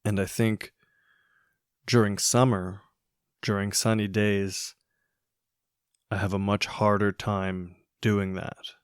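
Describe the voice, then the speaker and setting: A man hosting a solo podcast, thinking aloud in a musing, hesitant way with many pauses and restarts. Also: on the low side, little pitch movement, smooth, dry recording, clean studio sound. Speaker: podcast host. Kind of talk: reflective solo podcast monologue.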